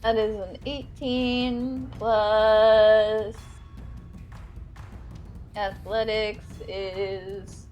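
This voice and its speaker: A woman plays a tabletop game, calmly laying out what her character does and why. She speaks at a middle pitch, plain and practical. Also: drawn-out words, pauses often, dull audio, soft background music. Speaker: player. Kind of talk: casual tabletop game play.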